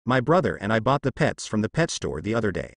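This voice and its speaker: Eager little robot girl in a storybook, read by a man, polite and lively. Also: on the low side, quick pace, vocal fry, no echo, exaggerated voice. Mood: chirpy.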